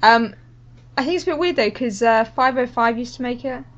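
A fairly high-voiced woman co-hosting a casual podcast. She runs through news items at a brisk clip and hushes her co-hosts in between. The recording sounds dull and lo-fi. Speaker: podcast co-host presenting gaming news.

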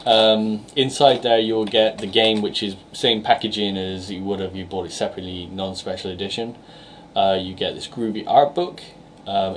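A young man from England, co-hosting a casual games podcast in a lowish voice. He rambles, with plenty of ums and restarts. A faint hiss sits under the recording. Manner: rambling, many fillers and restarts. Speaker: podcast co-host reviewing games.

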